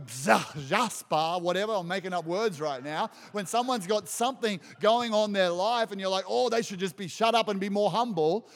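Preacher, male, high voice, emphatic and repetitive, long hall reverb. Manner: emphatic, repeats phrases for effect. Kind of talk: sermon.

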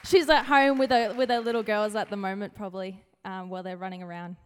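A woman's voice: mid-range voice, steady tone, fast, smooth, some chatter behind. A woman giving a casual, playful youth sermon, chatty and acting out quotes in comic little voices. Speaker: youth speaker sharing a devotion. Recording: hall with long reverb.

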